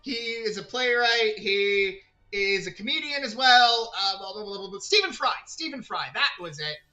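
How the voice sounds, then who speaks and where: A man streams a video game and rambles casually, chatting with his viewers and talking to himself as he plays. His voice is high-pitched, pushed and bright, at a moderate pace, and the audio's highs are cut off.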